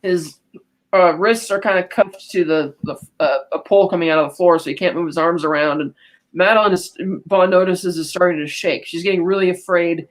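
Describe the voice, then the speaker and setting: Podcast lady talking through a movie plot, chatty, tosses in character lines. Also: on the low side. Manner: chatty, quotes characters in quick asides. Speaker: podcast co-host. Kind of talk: casual film recap.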